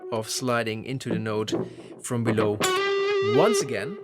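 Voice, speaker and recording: A man teaching lead guitar phrasing, explaining in a relaxed, conversational way. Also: lowish voice, unhurried. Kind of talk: instructional explanation. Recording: loud guitar playing behind voice. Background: electric guitar playing.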